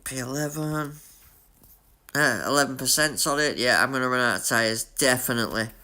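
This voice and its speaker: A man with a Yorkshire accent giving chatty, excitable live commentary on his racing game while talking to his chat. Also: mid-range voice, moderate pace. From Leeds, Yorkshire, England. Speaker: gaming streamer.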